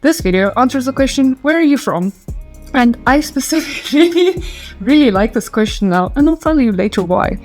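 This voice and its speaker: A South African woman telling stories to camera in a chatty, animated way, laughing easily. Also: high voice, normal speed, soft background music. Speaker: storyteller and channel host. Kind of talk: casual storytelling to camera.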